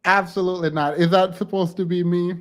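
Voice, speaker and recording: A man's voice: high-pitched, steady tone. Teasing man hosting a livestream. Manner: teasing, playful, quick banter. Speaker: livestream host. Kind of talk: casual livestream chat.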